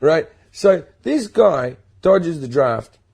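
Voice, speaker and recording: A man's voice: on the high side, sing-song, slow, creaky, darkish tone, slightly rough. A man with an Australian accent, a guest comedian on a podcast, telling stories in a casual chat and acting out the lines he quotes. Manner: storytelling with laughs, acts out quoted lines.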